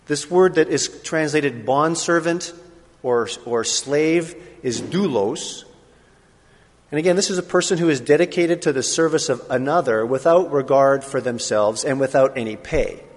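Man preaching in an echoing hall. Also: mid-range voice. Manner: conversational, with frequent pauses and fillers. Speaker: pastor. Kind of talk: sermon. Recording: long reverb of a large hall.

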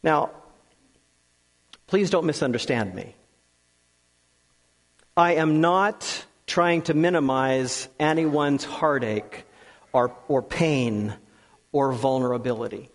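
Slow, earnest preacher in a reverberant hall. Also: male voice. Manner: slow, earnest, with long pauses and drops to a soft low voice. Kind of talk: sermon.

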